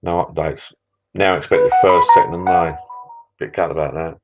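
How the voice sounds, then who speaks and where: Bloke, very low voice, rambling live-stream host, dull lo-fi sound. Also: male voice, steady tone, moderate pace, over loud music. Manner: rambling, chatty, self-interrupting, grumbling. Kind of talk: casual chat with viewers. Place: backyard pub shed.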